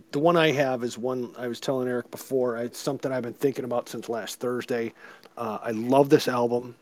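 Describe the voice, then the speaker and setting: A man's voice: mid-range voice, a little mellow. A man co-hosting a casual chat podcast, joking and rambling between topics. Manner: jokey, rambling. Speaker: podcast co-host.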